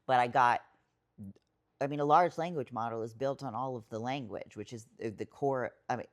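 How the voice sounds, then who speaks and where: A woman's voice: extremely low pitch, normal speed. A woman guest on a podcast, telling a personal story in casual, rambling talk full of fillers and swearing, emotional at times. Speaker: podcast guest, writer and poet.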